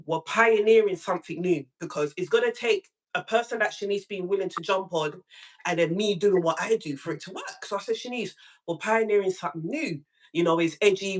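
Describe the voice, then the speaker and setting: A woman hosts a live stream from home in a casual, chatty way. She tells her story with lots of animation and jumps way up in pitch when she acts out what people said. Her voice sits at a middle pitch for a woman.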